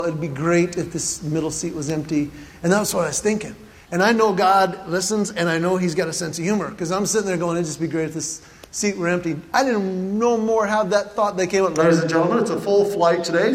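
This man's high, fairly bright voice fills a hall as he tells listeners a comic story about himself, playing up his own panic with lively gestures. There's echo from the room and a faint hum of background noise.

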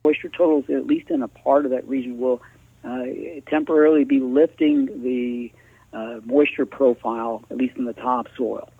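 Husky man over a tinny phone line. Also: mid-range voice, animated, dry recording. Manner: halting, with frequent uh fillers. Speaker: agricultural meteorologist interviewed. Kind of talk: casual explanatory talk.

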